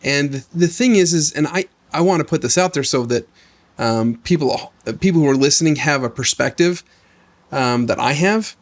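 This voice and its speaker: A man co-hosting a podcast, coaching his friend in a gentle, reflective and affirming way. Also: fairly high pitch, normal speed. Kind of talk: coaching conversation.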